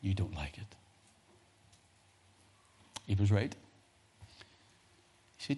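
Northern Irish pastor telling a story. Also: male voice, low-pitched, takes it slowly, pauses often, husky. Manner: animated storytelling with humorous asides and chuckles. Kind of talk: sermon.

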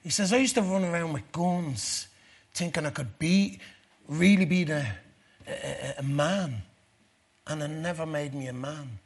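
A middle-aged man giving a testimony sermon, moving from quiet storytelling to loud, fervent preaching. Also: fairly high pitch, unhurried, slightly rough.

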